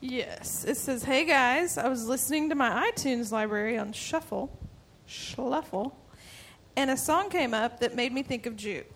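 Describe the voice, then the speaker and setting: A woman's voice: fairly high pitch, normal speed, slight background noise. A woman co-hosting a casual comedic podcast, mostly giving brief, dry replies and reading a listener email. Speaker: podcast co-host.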